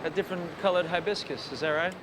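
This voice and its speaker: An actor playing a cool, smooth-talking tough guy in a film, wry and laid-back. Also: a little high, fast, noisy background, lightly acted.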